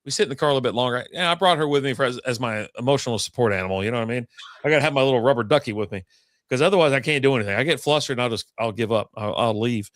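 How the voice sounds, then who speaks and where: Fast-talking, rambling man. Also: mid-range voice, a bit bright, dry recording, clean studio sound. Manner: rambling, profane, acts out quoted people. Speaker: podcast host. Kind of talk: casual storytelling chat.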